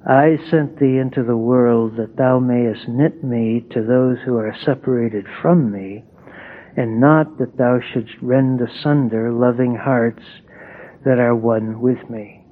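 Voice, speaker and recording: God, as a man reads his lines speaks in a measured, solemn tone, reproving with archaic dignity. The delivery is slow, and the sound is narrow and tinny, like a phone call. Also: medium pitch, fairly even intonation. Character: stern yet loving male God.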